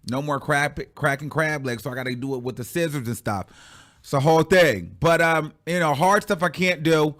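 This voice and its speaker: A man hosting a casual pop-culture commentary show, talking in an animated, sassy way, stretching out words for effect and laughing often. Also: fairly high pitch, moderate pace.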